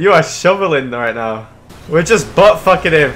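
A man hosting his own gaming channel, giving casual commentary while he plays, excitable and swearing freely as he shouts and laughs. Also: a little high, moderate pace, slight background noise.

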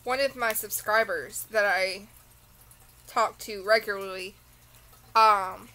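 Tired, slow-talking Southern woman. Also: mid-range voice, steady tone, bright, forceful tone, rough recording. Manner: rambling, drifts into tangents. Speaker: beauty vlogger. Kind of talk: casual unboxing chat.

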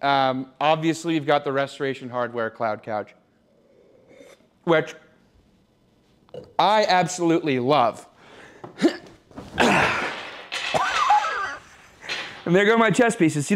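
A young man with a fairly high, near-everyday voice plays a smug, clueless rich guy in an improvised parody of a home tour. Walking room to room through his apartment loft, he rambles and boasts with mock sentimentality.

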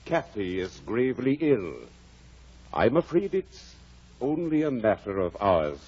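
An actor playing a blunt but caring older country doctor in a 1940s radio drama, wry and then gravely earnest. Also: male voice, medium pitch, sing-song, a little slow, darkish tone. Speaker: Doctor Kenneth. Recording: dull, faintly hissy 1940s radio broadcast.

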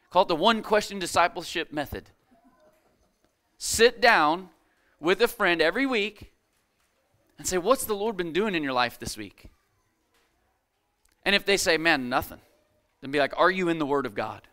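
A man's voice: fairly high pitch, sharp tone. A man preaching a sermon as a guest speaker, emphatic, repeating key phrases and calling out to the congregation, reading scripture aloud with rising intensity. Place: church service.

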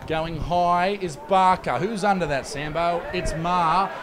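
A man giving fast, jokey play-by-play commentary on a rugby league match from a commentary box. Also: sits high. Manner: rapid, excitable, jokey play-by-play. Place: commentary box at an outdoor ground. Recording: loud crowd and outdoor noise.

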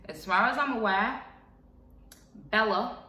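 A woman's voice: mid-range voice, unhurried, sharp tone, far from the mic. A young woman in her twenties, chatting frankly in a casual vlog, with lots of fillers. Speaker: vlogger. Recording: echoey room, voice a bit off-mic.

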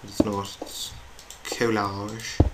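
A man's voice: fairly low pitch, completely flat delivery, slow pace. A young man chatting in a rambling, self-mocking way as he plays a video game. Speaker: gamer. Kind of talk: gameplay commentary. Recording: noisy home recording with keyboard clicks.

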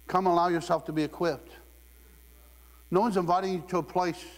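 A man's voice: high-pitched, fairly even intonation, fairly quick. A man from Ohio preaching a sermon in a conversational, humorous way, often laughing. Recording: long hall reverb.

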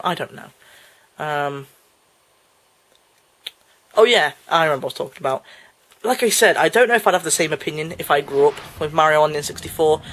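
A man's voice: fairly high pitch, fairly bright tone. A young British man giving casual let's play commentary, rambling, correcting himself and laughing at himself as he talks. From Britain.

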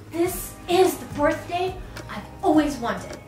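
A woman of thirty in a casual birthday vlog, gushing and gasping with excitement as she unpacks and tries on outfits. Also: high voice, unhurried. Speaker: vlogger. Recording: echoey room, mic at a distance, loud music. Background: music.

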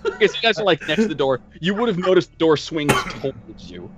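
A man's voice: on the high side, very animated, a little fast. A man narrating as game master, loose and profane, laughing between lines.

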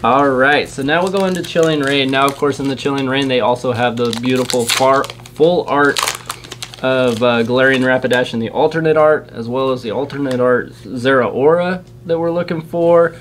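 This is a man in the middle of an unboxing chat, eagerly rattling off card after card. His voice sits at an ordinary mid pitch. A faint noise floor hums under the recording. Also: moderate pace, fairly bright tone. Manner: chatty and eager, reels off card names. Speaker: channel host opening trading card packs. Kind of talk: casual chat while unboxing.

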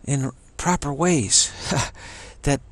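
A man giving a casual personal testimony, halting often and repeating words as he goes. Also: on the high side, dry recording.

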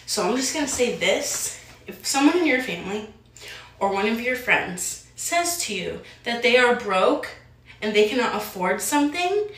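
A woman's voice: on the high side, fairly bright tone, distant mic. Angry woman swearing in an echoey room. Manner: angry, blunt, swears freely. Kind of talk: angry vent to camera.

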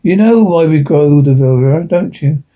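A man's voice: fairly high pitch, lively intonation, normal speed, mellow. A man doing a stern frontier planter. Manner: stern, commanding. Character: hard-driving male frontier planter, blunt.

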